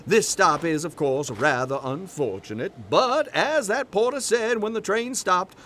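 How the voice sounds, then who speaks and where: A pedantic professor. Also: male voice, high voice, lively intonation, a little slow, a bit bright, a little hiss or hum. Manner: lecturing, pedantic. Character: learned, pedantic professor, adult man.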